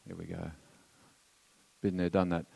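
A man's voice: deep voice, flat delivery, a little slow, vocal fry, darkish tone, slightly rough, big-room sound. A man teaching theology as a sermon, earnest and emphatic, with wry asides to his listeners. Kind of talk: sermon lecture.

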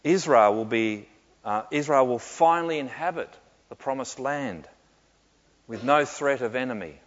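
A man answering questions in a sermon, reflective and often pausing with fillers and soft laughs. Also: medium pitch. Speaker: pastor. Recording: muffled with long hall reverb.

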